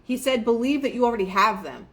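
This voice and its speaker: A woman's voice: on the high side, quick pace. Chatty woman hosting motivational talk. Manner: chatty, filler-heavy, quotes herself and others in lively asides. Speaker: manifestation show host.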